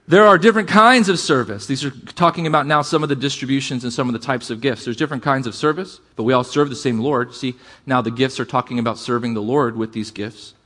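A man preaching a sermon to a congregation, calling for amens and shifting between fast bursts and slow, quiet emphasis. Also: a little high. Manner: energetic preaching, calls for amens, varies pace and volume. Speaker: pastor.

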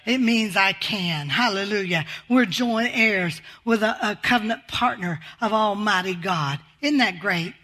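Older woman preacher, bright forceful voice, fervent and call-and-response in her sermon delivery. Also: mid-range voice, measured pace, few pauses. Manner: fervent, exclaims hallelujah often, swings from loud to quiet.

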